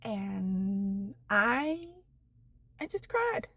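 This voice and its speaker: Slow, earnest woman in her forties. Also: medium pitch, very animated, bright, forceful tone, slightly rough. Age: 40s. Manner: slow, halting, with many fillers and restarts; earnest, candid, emotional. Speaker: vlogger. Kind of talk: personal confessional vlog.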